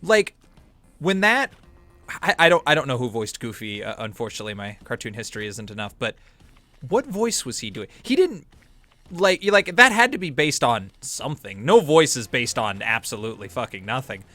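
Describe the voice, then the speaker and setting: Excitable, rambling man in gameplay chat. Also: mid-range voice, normal speed. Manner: laughs a lot, rambling, swears casually. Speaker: co-host of a gameplay video.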